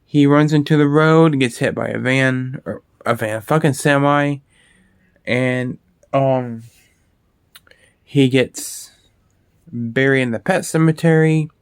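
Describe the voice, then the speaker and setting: A man's voice: mid-range voice, slow pace, long pauses, clear, resonant tone, no room sound, studio quality. A man talking casually about horror movies, rambling and swearing freely, with frequent restarts and fillers. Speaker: video host.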